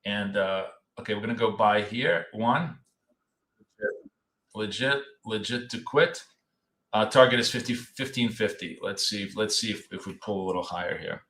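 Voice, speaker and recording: A man's voice: on the low side, normal speed, fairly bright tone, reverberant, a little hiss or hum. A man co-hosting a live trading stream in a casual, joking way, blunt and swearing freely. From Russia. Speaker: trading show co-host.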